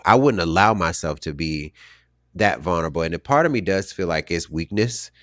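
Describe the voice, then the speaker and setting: A man with a very low voice tells a personal story on his podcast. He sounds reflective and halting, often trailing off and starting again. The sound is dry and close to the mic. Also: lively intonation, a bit bright, no room sound. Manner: reflective, halting with restarts and fillers. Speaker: podcast host.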